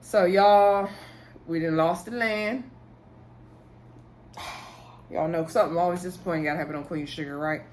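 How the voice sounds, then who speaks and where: A woman casually recapping a TV episode, telling the story in an animated way, acting out what people said and laughing often. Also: on the low side, moderate pace, long pauses. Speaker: recap host.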